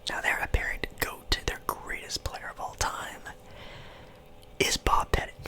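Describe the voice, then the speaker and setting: Young guy whispering asmr, chewing gum, loose rambly chat, breathy and bright. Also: low-quality recording. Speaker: ASMR sports channel host.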